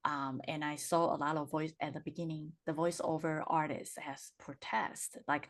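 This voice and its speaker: Woman host low voice, hesitant, casual video-call interview chat. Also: little pitch movement, normal speed, few pauses. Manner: hesitant, searching for words. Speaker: podcast host.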